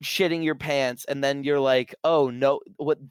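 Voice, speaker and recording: A man's voice: medium pitch, fairly even intonation, measured pace, smooth, no room sound. A man in casual conversation, animatedly retelling movie scenes and acting out bits of the dialogue. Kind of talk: casual film discussion.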